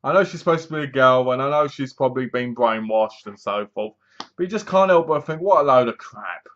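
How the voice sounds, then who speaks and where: A man's voice: medium pitch, a little fast, fairly bright tone. A man giving a sarcastic, casual spoken review, often acting out lines in funny voices. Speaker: film reviewer. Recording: dull lo-fi sound.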